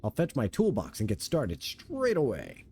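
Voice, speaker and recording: A man's voice: medium pitch, wildly swooping pitch, moderate pace, darkish tone, husky, full character voice. A man reading aloud the lines of a plain-spoken male adventurer companion from a video game, in his own everyday voice. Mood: matter-of-fact.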